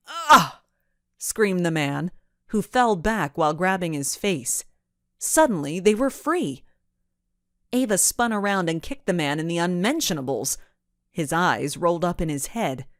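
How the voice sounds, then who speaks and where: A woman narrates a children's mystery audiobook in a lowish, expressive voice that rises and falls with the action. She reads at an unhurried pace, and the recording is close and dry with no room sound. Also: dry recording. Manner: expressive storytelling.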